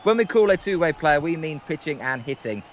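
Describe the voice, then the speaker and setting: A man's voice: a little high, lively intonation, fairly quick, a little hiss or hum. Hesitant man calling baseball, lo-fi audio. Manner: hesitant, full of filler ums. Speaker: guest play-by-play commentator. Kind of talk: livestream baseball play-by-play.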